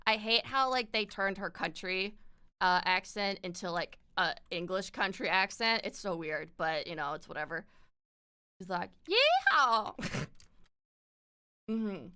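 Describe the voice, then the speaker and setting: A woman streamer chatting casually, laughing often and swearing freely. Her voice is bright and forceful with a crisp, smooth clarity, picked up on a compressed streaming mic. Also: mid-range voice, normal speed. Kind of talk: casual chat.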